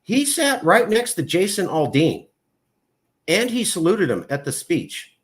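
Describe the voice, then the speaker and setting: Hosting a casual podcast interview, a man rambles at length with many fillers, and his pitch leaps up when he gets excited. He is very animated but keeps a measured pace.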